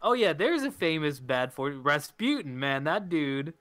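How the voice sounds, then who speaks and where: A man co-hosting a casual comedy podcast, bantering with the others in a dry, deadpan way. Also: a little high, a little slow, dry recording. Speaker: podcast co-host.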